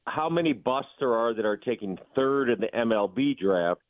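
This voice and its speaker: Animated man over a tinny phone line. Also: no room sound. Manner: animated, quick opinions, jumps in pitch. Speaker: sports radio guest. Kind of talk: sports radio banter. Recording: thin phone-line sound.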